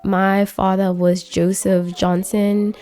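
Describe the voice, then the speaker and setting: A woman voicing a grieving young man in a life-sim game, speaking his lines in a casual, quick paraphrasing way. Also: mid-range voice, little pitch movement, dark tone, clear, resonant tone, close to an everyday voice. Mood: earnest.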